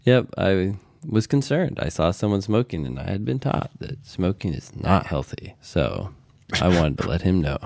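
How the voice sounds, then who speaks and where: A father with a very deep voice and a gravelly fry tells family stories in an easygoing, rambling way. The sound is close and dry, with almost no room in it. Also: sing-song, moderate pace, a little mellow, no room sound. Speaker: podcast co-host, father. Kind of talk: casual chat.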